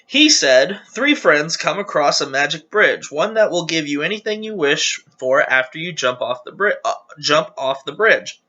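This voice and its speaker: Bright-voiced man reading jokes, giggly. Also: fairly high pitch, expressive, moderate pace, few pauses, dull audio. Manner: chatty, giggly, self-deprecating asides. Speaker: channel host reading viewer jokes. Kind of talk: casual reading aloud to camera.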